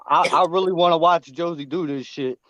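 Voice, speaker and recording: A man's voice: fairly high pitch, fairly quick, fairly bright tone, lo-fi sound, a little hiss or hum. Profane laid-back man freestyling. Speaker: host rapping a freestyle. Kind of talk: casual livestream chat and freestyle rap.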